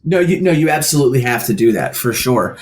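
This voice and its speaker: A man co-hosting a casual podcast, telling stories in an animated way and slipping into voices. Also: mid-range voice, fast talker. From Philadelphia area. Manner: animated storyteller, does voices in anecdotes. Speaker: podcast co-host. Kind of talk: casual chat.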